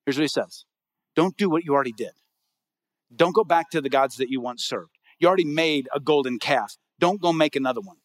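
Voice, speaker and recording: A middle-aged male pastor preaching a sermon to a congregation, telling a personal story with emphatic swings between soft and raised delivery. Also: on the high side, a little fast, dry recording.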